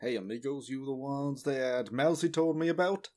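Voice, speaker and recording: Man doing a swaggering Southern-drawl fixer, mid-pitched, laughs through the lines. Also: normal speed, darkish tone, natural voice. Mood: smooth-talking. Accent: Southern US put-on. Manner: laughs often, slips out of character.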